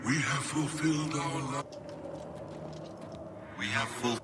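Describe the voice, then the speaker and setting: An actor playing the solemn ghost of an ancient warrior in a video game, speaking in a grave, formal way. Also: male voice, mid-range voice, close to an everyday voice. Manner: grave, slow, formal farewell. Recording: game audio with loud ambient noise. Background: loud game ambience.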